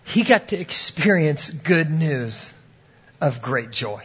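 Storytelling preacher, higher male voice. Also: animated, slow pace, fairly bright tone, breathy edge, dull audio. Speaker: pastor. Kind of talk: sermon.

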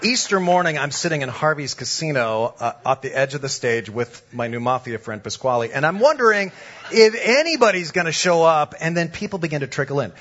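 A male pastor telling a lively, comic story during a sermon. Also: a little high, a little fast, dull audio, a little hiss or hum.

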